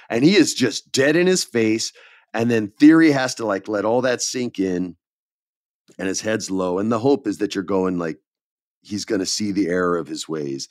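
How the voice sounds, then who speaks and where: A middle-aged man co-hosting a podcast, telling stories with excitement and casual slang. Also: fairly low pitch, normal speed, no echo, studio quality. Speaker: podcast co-host. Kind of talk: casual wrestling chat.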